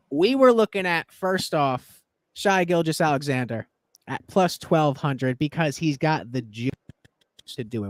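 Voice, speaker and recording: A man's voice: fairly high pitch, no room sound, studio quality. A young man co-hosting a sports betting show, rambling and swearing through casual chat. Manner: rambling, heavy swearing, animated. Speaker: sports betting podcast co-host.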